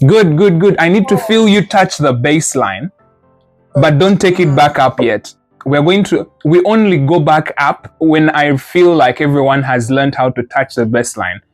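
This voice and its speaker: Teaching Mandarin to a live group, this speaker patiently corrects students by modeling sounds and then offering playful imagery. The medium-pitched voice moves a little slowly over soft background music.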